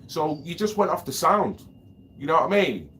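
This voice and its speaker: A man's voice: on the high side, sing-song, moderate pace, bright, forceful tone, a little hiss or hum. A man, a vlogger with a lingering cough, rambling and ranting, swearing freely and asking if you know what he means. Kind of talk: rambling monologue.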